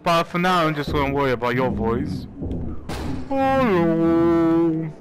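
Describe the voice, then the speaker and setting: A man's voice: medium pitch, fairly quick. Joking man narrating VR gameplay. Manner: joking, playful, makes silly sounds. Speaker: gamer. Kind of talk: VR gameplay commentary. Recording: loud game music behind.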